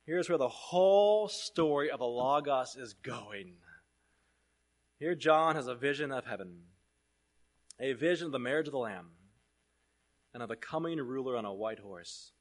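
A man preaching a sermon, reading scripture aloud and swinging between loud proclamation and hushed asides. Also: mid-range voice, animated, moderate pace, long pauses.

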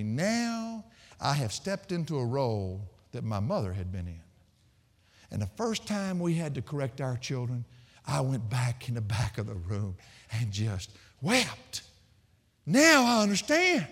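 A man preaching a sermon as pastor, telling folksy stories with frequent laughter and sudden swings from soft to loud. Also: medium pitch, in a large hall.

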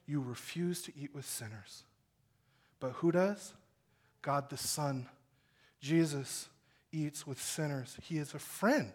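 A man preaching a sermon from the pulpit. His voice sits high for a man. He preaches with feeling, rising to loud urgent calls and then dropping to quiet, earnest tones. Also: slightly rough. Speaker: pastor.

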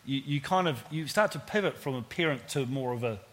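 A man's voice: medium pitch, animated, fairly quick, fairly bright tone. A man moderating a panel, asking probing questions and repeating them to press the point.

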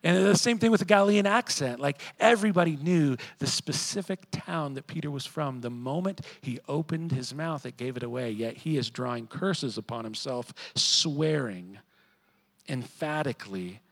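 A man preaching a sermon in a conversational way, sometimes quiet and reflective, sometimes rising to emphatic. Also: on the high side, normal speed, vocal fry, rough recording. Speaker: pastor.

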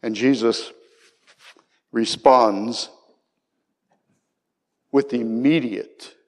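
Slow, impassioned male preacher in a reverberant hall. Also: mid-range voice. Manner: impassioned, rising to cries on quoted words. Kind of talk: sermon.

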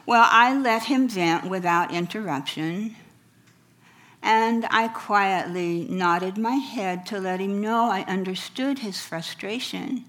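A middle-aged woman speaks in an unhurried, measured way, telling stories from her life and her counseling work. Her delivery is wry and gently humorous, with a mid-range voice. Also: medium pitch. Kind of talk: storytelling talk.

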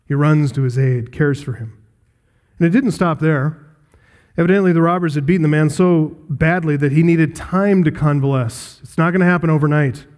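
A man's voice: fairly high pitch, moderate pace, darkish tone. A man pastor preaching an expository sermon, earnest, with rhetorical questions to the congregation.

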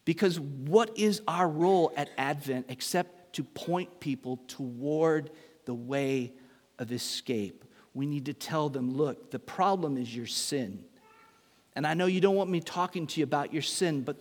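A middle-aged man preaching a sermon as pastor, telling a story with humor and acting out voices. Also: fairly high pitch. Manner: animated, acts out voices in his story, self-mocking humor. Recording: long hall reverb.

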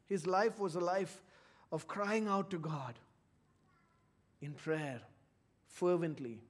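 High-voiced man preaching earnestly. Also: measured pace. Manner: earnest preaching, swings from loud emphasis to hushed low tones. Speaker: pastor. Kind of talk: sermon.

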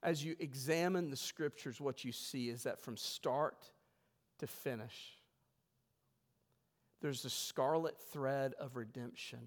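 A man preaching a sermon to his congregation, emphatic, swelling loud and then dropping low. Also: creaky, in a large hall. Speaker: pastor. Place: church sanctuary.

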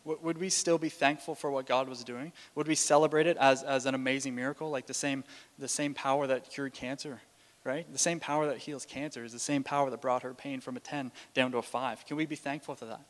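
With a steady tone and a brisk pace, a man with a mid-range voice preaches a sermon, telling stories casually and often restarting and using fillers. The recording carries long hall reverb.

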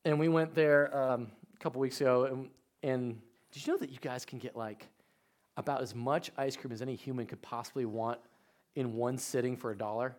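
A man, preaching a sermon with animated storytelling that swings from quiet to loud. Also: medium pitch, moderate pace. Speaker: pastor.

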